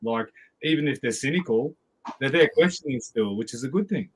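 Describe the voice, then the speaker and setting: A man joins a livestream chat with emphatic agreement, hammering his points by repeating them. His voice sits at an ordinary middle pitch. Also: animated, fairly quick, slightly rough, poor audio.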